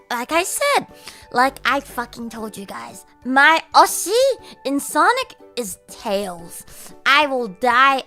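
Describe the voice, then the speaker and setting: A woman streamer with a hoarse, worn-out voice, chatting casually to her viewers, giggly, animated and swearing freely. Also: a little high. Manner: animated, giggly and foul-mouthed.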